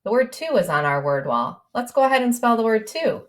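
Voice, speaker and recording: A woman's voice: on the high side, sing-song, a little fast, hardly any pauses. A woman teacher modelling how to write a story for young children, stretching words into sounds and coaxing them to spell along. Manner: sing-song, stretches out sounds and letters. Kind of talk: early-grade writing lesson.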